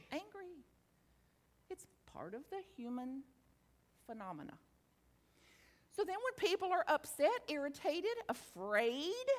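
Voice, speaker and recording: A woman speaks to a gathered audience with a high, bright, very lively voice that swoops up and down. She takes her time with her words, teasing and playful one moment, quiet and reflective the next. A long reverb hangs on her voice, as in a large hall. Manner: slows into hushed guided reflection. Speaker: spiritual teacher. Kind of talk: talk to a live audience.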